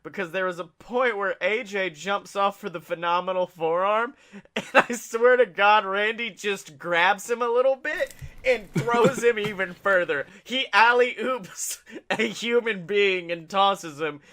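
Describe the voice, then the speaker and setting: A man co-hosting a casual wrestling podcast, excitable and laughing often, slipping into quick impressions as he tells stories. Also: high voice. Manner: excitable, laughing, doing quick voices of people he talks about. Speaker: podcast co-host.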